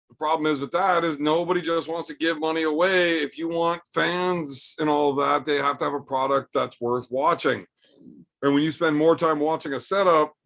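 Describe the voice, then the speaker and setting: Gravelly, blunt, foul-mouthed man ranting. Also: on the high side, fairly bright tone. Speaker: arm wrestler hosting a livestream. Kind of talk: casual livestream chat, answering super chats.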